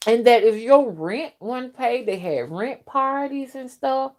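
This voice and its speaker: A woman's voice: on the high side, expressive, slow, darkish tone. A woman hosting a casual late-night livestream, talking while chewing gum in a chatty, emphatic way. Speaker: host of a spiritual channel.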